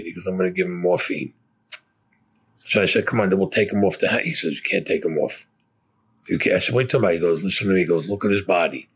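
An older man, a war veteran, recounting his combat memories in a blunt, profane storytelling way. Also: low-pitched.

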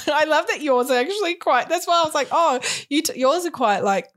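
A woman's voice: sits high, animated, moderate pace, a bit bright. A woman co-hosting a podcast, chatty and giggly, with playful sarcasm. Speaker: podcast co-host. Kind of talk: casual podcast banter.

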